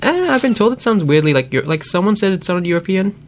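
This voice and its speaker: A man's voice: sits high, sing-song, fast talker. A young man in casual chat among friends, rambling with fillers and acting out quoted reactions.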